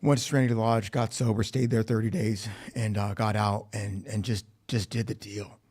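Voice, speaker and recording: A man's voice: fairly low pitch, steady tone, normal speed, a little mellow, breathy edge. A man telling his recovery story at a meeting, speaking candidly with swearing and acting out quoted dialogue. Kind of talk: personal testimony. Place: recovery facility meeting room.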